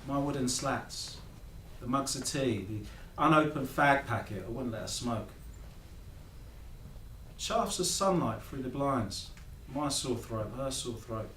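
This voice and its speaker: A man's voice: medium pitch, animated, measured pace, a bit bright. A young man acting a reflective theatrical monologue in a wry storytelling way, recorded in a rehearsal room. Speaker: actor. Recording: echoey room, distant mic, noise.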